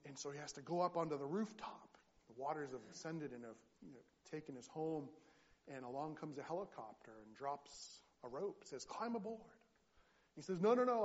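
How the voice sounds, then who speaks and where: A man preaching a sermon as pastor, earnest and halting, with frequent restarts as he tells a story. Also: mid-range voice, darkish tone, highs cut off.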